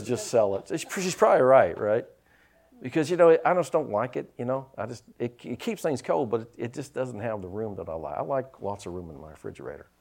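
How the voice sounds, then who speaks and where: A middle-aged man preaching a sermon, lively with teasing humor and asides. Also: medium pitch, gravelly. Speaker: pastor.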